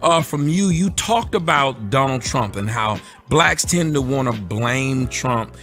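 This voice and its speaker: A man hosting an interview, talking in a relaxed, easygoing way that turns animated when he jokes. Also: mid-range voice. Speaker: host. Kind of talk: casual interview.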